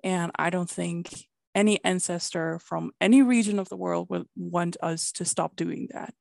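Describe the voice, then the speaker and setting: A woman from the Netherlands speaks as a podcast guest, with a gravelly edge to her lowish voice. The sound is dry and close, and she talks in a reflective, earnest way. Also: fairly even intonation, normal speed, darkish tone, no room sound. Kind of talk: casual podcast chat.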